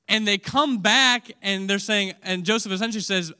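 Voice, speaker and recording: A man preaching a sermon with emotion, dropping to a hush and rising again, often asking his listeners questions. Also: high-pitched, normal speed, clean tone. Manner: emotional, swings from loud to hushed; asks audience questions.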